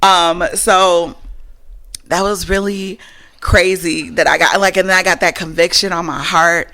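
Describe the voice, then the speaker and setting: A woman co-hosting a podcast, telling stories in a casual, expressive way and swearing freely. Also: on the low side, unhurried. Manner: animated, expressive storyteller who swears casually. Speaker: podcast co-host. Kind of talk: casual storytelling chat.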